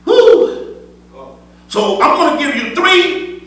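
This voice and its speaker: A man with a high, bright voice delivers an emphatic sermon in a church. He hammers his points home with repeated phrases and drops from loud declaiming to quiet asides. He is picked up from a distance in a very echoey sanctuary. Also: animated, moderate pace. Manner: swings between loud declaiming and soft asides. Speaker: preacher.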